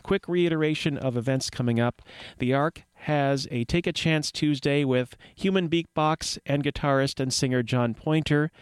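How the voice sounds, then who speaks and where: A man's voice: medium pitch, smooth, no room sound. Dry-voiced wisecracking male radio host. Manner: wry, rambling asides and puns. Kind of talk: jokey community radio news segment. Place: radio studio.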